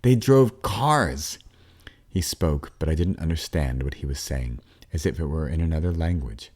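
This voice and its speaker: A man narrating an audiobook as a father, with a warm storytelling manner, wry asides and the odd dip into a whisper. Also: very deep voice, a little fast.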